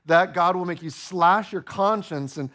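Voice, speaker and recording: Man, pastor, sermon, playful, higher voice, bright tone. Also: measured pace. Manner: animated, playful, acts out voices of characters.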